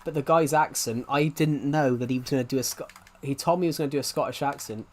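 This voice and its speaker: A man's voice: mid-range voice, fast. A young man in his twenties chatting casually on a live game stream, rambling and restarting his sentences as he talks. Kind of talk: casual live-stream chat while playing.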